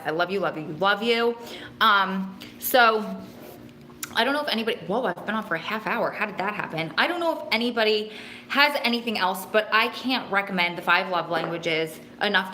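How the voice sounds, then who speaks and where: A woman's voice: mid-range voice, lively intonation, fairly quick, pushed and bright, slight background noise. A young adult woman hosting a casual livestream, chatting emotionally and gushing thanks to her viewers. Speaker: host of a livestream for prison families. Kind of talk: casual live chat, reading viewer comments. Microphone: phone.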